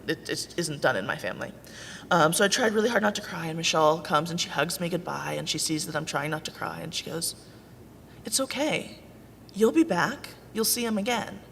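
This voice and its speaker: A woman's voice: low voice, vocal fry, bright, forceful tone. A woman, a birth mother on a panel, telling her personal story in a candid, wry, self-deprecating way. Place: conference hall. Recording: echoey hall with faint noise.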